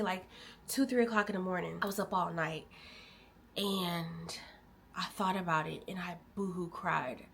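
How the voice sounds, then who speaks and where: A woman's voice: on the low side, creaky, slight background noise. Candid young woman sharing a personal story. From Illinois. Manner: candid and emotional, addresses viewers as y'all; animated, swings between loud bursts and quiet drops. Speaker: vlogger. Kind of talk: casual storytelling to viewers.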